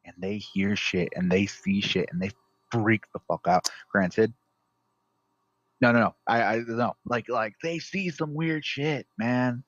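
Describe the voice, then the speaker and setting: A man's voice: on the low side, flat delivery, unhurried, fairly bright tone, no room sound. A man co-hosting a podcast in casual banter, rambling with lots of filler words and swearing. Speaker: podcast co-host. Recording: dull lo-fi dry sound.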